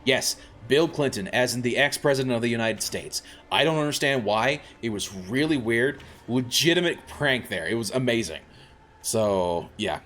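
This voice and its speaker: A man's voice: medium pitch, animated, normal speed, fairly bright tone, a little hiss or hum. A man streaming a video game, chatting casually in a rambling way with many fillers and laughing at himself. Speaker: variety streamer. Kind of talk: casual gameplay commentary.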